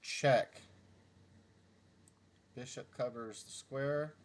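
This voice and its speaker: Solving puzzles for his chess YouTube channel, a middle-aged man gives casual think-aloud commentary in a slow, ordinary-pitched voice. He mutters each move and mocks his own blunders with wry, self-deprecating humor.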